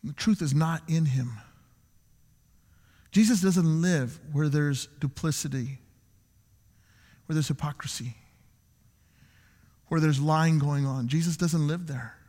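A man's voice: a little high, slow, pauses often. A pastor preaching a sermon to his church, acting out the people he quotes. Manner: animated preaching, acts out quoted voices. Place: church sanctuary. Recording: long church hall reverb.

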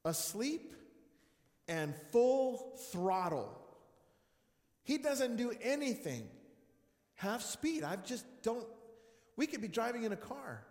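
Man, pastor, storytelling sermon, high voice, echoey church hall. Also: slow pace, long pauses. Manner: animated, acts out dialogue, swings loud and soft. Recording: echoey room with long reverb.

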